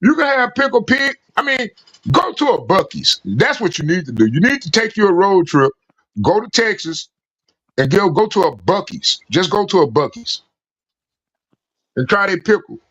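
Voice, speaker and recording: A man chatting casually as a caller on a live call-in stream, telling animated stories, laughing and acting out voices. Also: sits high, normal speed, no room sound, muffled recording. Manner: animated storyteller, laughs a lot, acts out voices. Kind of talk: casual banter. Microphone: remote call audio.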